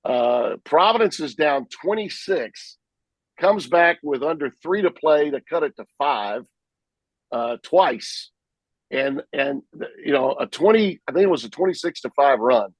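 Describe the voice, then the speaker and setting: A man in a podcast interview, spinning animated stories from the broadcast booth in a fairly high voice. The sound is dry and close, with no room around it. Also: unhurried, slightly rough, dry recording, rough recording. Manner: animated, vivid storyteller who acts out his own play calls. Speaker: sportscaster guest.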